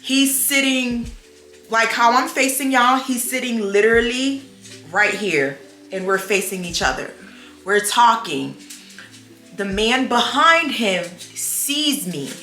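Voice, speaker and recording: A young adult woman vlogs casually, telling animated stories and acting out the voices of the people in them. Her voice is on the high side and unhurried, in an echoey room with soft background music.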